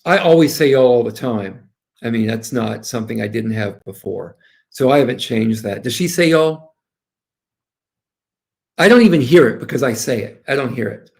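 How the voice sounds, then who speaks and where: Gravelly older man telling courtroom stories. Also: mid-range voice, moderate pace. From Southern United States. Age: 60s. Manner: animated, storytelling, quoting others. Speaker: defense lawyer guest. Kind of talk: casual interview talk.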